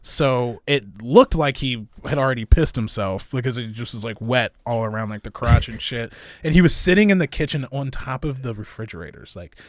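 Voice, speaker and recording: A man's voice: mid-range voice, moderate pace, no room sound, studio quality. A young man from Illinois, a comedy club manager guesting on a podcast, telling stories in a loose, profane way, often laughing and acting out other people's voices. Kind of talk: casual storytelling.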